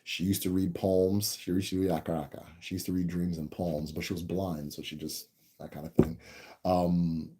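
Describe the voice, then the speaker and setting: A deep-voiced man talks viewers through a long family story on a live stream. His tone is very dark and mellow. He rambles, restarts his sentences and keeps checking in with his listeners. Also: level tone, normal speed, slightly rough. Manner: rambling, with many restarts and tag questions. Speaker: host answering viewer questions.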